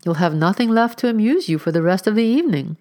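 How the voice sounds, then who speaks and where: A woman's voice: mid-range voice, expressive, fast talker, warm tone, pitched above the performer's own voice, close to an everyday voice. A woman voicing a languid, cutting young lady who drawls her remarks, in a storybook reading. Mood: drawling.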